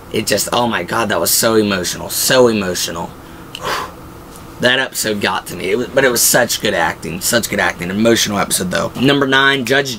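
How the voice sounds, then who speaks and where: A man's voice: fairly low pitch, slight background noise. A young man, host of the show, casually recapping episodes and acting out quoted lines with feeling. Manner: animated, retells scenes with quoted lines.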